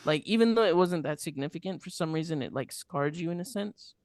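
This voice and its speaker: A man's voice: on the high side, expressive, a little fast, darkish tone, no room sound, studio quality. A man co-hosting a podcast, laid-back and rambling, with lots of filler words. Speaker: podcast co-host. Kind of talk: casual chat.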